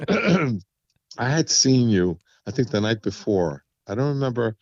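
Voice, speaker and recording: A man telling stories in an interview, his pitch leaping up and down as he acts out what people said. The sound is dull and lo-fi, and the room is dry and close. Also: takes it slowly, no room sound. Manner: animated storyteller, acts out quotes with big pitch jumps. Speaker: guest vocalist. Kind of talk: casual interview chat.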